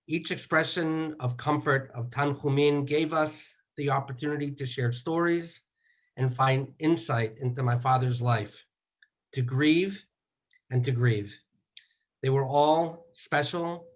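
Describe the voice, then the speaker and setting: A man giving measured remarks as a son at a memorial, moving through slow, deliberate lists. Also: medium pitch. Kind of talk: eulogy remarks.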